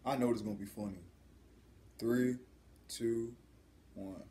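A man's voice: medium pitch, steady tone, measured pace, dark tone. A man hosting a casual YouTube reaction video, laid-back and sprinkling his talk with slang.

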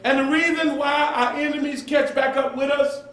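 A man preaching a sermon as pastor, with call-and-response and sudden dramatic shouts, recorded in a church. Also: very high voice, steady tone, normal speed. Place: church sanctuary. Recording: echoey church hall from far off.

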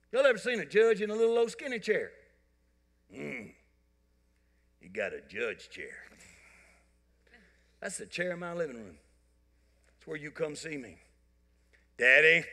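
A man preaching a sermon, telling folksy, joking stories to his congregation. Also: on the high side. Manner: folksy storytelling, animated and joking. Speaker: pastor. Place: church sanctuary. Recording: church hall reverb.

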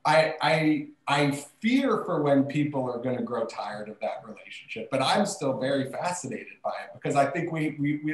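A man, a TV showrunner, tells lively anecdotes in a casual interview. His voice sits at a middle pitch. He sounds like he is in a roomy space with noticeable echo. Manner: animated storytelling.

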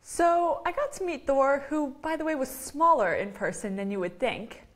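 A young woman working as an intern, chatting upbeat on a live local show. Her voice is quite high. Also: normal speed. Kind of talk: casual live show chat.

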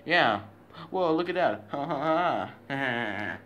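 A man chatting playfully in a home video, halting and repeating himself while making up silly introductions. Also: mid-range voice, animated, muffled recording, noisy background.

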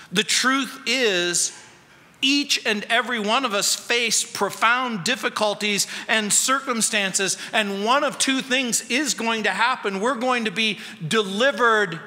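A man, the pastor, preaching a sermon and piling up rhetorical questions, with his voice swinging between loud and soft. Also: sits high, unhurried, in a large hall.

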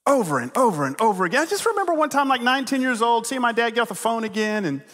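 High, bright-voiced male preacher in a hall. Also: fast, hardly any pauses. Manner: animated storytelling, swinging from loud to hushed. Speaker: pastor. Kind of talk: sermon. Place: church sanctuary. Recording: long reverb of a large hall.

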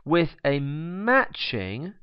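A man's voice: a little high, sing-song, extremely slow, smooth, no echo. A man teaching biology while drawing, chatty, with joking asides and humming as he sketches. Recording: dull, slightly lo-fi dry recording.

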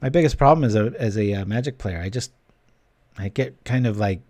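A man's voice: lowish voice, fairly quick, darkish tone, no room sound. Chatty man streaming a card game. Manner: chatty, joking, reads chat aloud. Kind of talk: casual gameplay commentary with chat.

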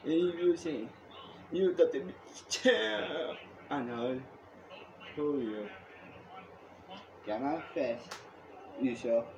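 A man rambling excitedly in a home video monologue, repeating himself and jumping between topics. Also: fairly high pitch, extremely slow, pauses often, noisy background. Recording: echoey room.

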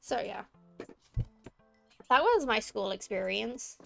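A young British woman chats casually while streaming a game, rambling through stories about school and dropping "like" constantly. Her voice is fairly high, very animated, slow-paced and marked by vocal fry, with faint music playing behind her.

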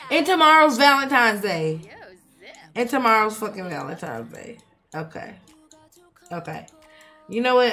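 A woman giving casual, profane commentary while playing a life-sim game, shifting from mumbling to outbursts. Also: on the low side. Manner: chatty, swears, swings from mumbling to loud outbursts. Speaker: let's play streamer.

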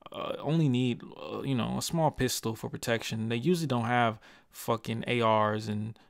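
Speaking into a desk mic, this young male YouTuber has a clear, resonant, medium-pitched voice with a creaky edge. His commentary vlog is earnest and passionate but halting, full of stutters, restarts and casual swearing. The audio is studio quality with no echo.

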